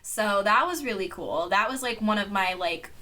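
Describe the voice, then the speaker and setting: A young woman on a podcast, telling a story in casual chat, animated and full of filler words. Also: mid-range voice, normal speed. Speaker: podcast co-host.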